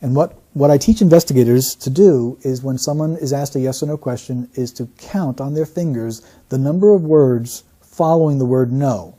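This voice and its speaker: A man working as a statement analyst, giving deliberate, teacherly commentary. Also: medium pitch, warm tone. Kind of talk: explanatory commentary.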